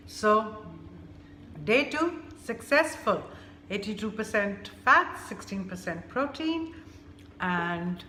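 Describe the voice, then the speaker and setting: A woman hosting a casual food vlog, unhurried and thinking aloud with many fillers. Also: medium pitch, pushed and bright, reverberant, a little hiss or hum. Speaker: cooking vlogger.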